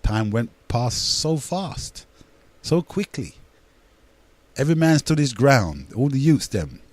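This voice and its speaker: A man's voice: medium pitch, sing-song, takes it slowly, darkish tone, no echo. An older man, hosting a radio talk show in a rambling, emphatic monologue that repeats words and addresses listeners as brethren.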